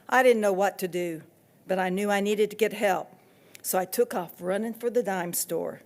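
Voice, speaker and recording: A woman author reading from her own novel with steady, expressive storytelling. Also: medium pitch.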